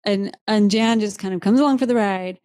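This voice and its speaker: A woman's voice: mid-range voice, fairly quick, a little mellow, no room sound, clean studio sound. A woman hosting a podcast, telling a personal story in a candid, heartfelt way and laughing easily. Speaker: podcast host.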